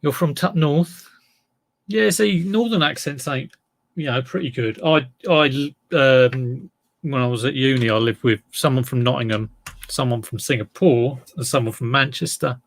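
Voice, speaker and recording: A man's voice: medium pitch, normal speed. A man in his fifties with a Southeast English accent, hosting a casual live stream, rambling chattily and greeting viewers by name. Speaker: live-stream host and reseller.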